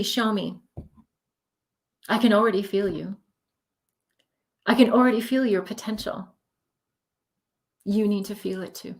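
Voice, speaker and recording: A woman's voice: mid-range voice, a little slow, pauses often. She's a woman doing a live tarot reading, gushing and emotional, pours out encouragement, voice sits right in the middle, mic feels like a webcam or phone. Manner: effusive, emotional, affirming. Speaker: spiritual tarot reader.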